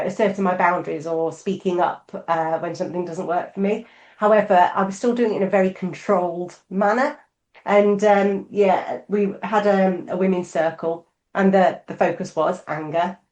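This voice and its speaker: A middle-aged woman co-hosts a casual podcast conversation, speaking openly and thoughtfully with plenty of fillers. Her voice is on the low side with a darkish tone, and the recording has a roomy echo.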